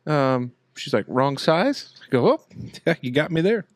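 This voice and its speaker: A man in casual podcast talk, with a slightly high voice, telling stories in an animated way and acting out quotes loudly. The sound is close and dry, with no room echo. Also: unhurried. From Indiana. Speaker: podcast co-host. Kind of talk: casual storytelling chat.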